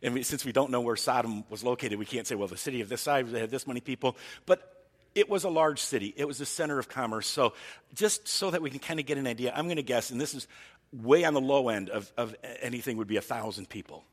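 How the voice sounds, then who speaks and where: A man's voice: medium pitch, animated, fast, slightly rough, long reverb tail. A man preaching a sermon as pastor, earnest and thinking aloud, often restarting his sentences.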